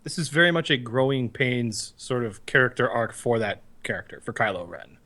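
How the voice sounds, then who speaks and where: A man co-hosting a podcast in casual chat, animated and profane, who acts out movie lines with sudden loud yelps. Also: medium pitch, normal speed. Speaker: podcast co-host.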